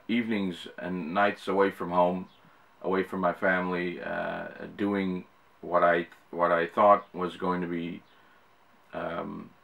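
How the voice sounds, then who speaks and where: A man's voice: sits low, vocal fry, fairly bright tone. A middle-aged Dutch man with an American-sounding English accent, talking casually to camera and rambling with lots of fillers and restarts. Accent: Dutch speaker with an American-sounding English accent. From Netherlands. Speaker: YouTuber.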